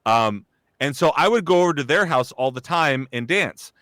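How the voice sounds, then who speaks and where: A man in casual chat, telling lively stories and acting out the people in them. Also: a little high, normal speed, no room sound, studio quality. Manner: animated storyteller acting out quoted voices. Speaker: comedian and voice actor.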